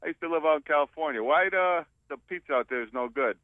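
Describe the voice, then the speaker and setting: A man's voice: on the high side, fast, dry recording, narrow, tinny audio. A man from Brooklyn with a Brooklyn New York accent, calling into a radio show by phone and cracking wisecracks in brash banter. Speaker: caller. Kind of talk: joking radio call-in chat. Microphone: phone call.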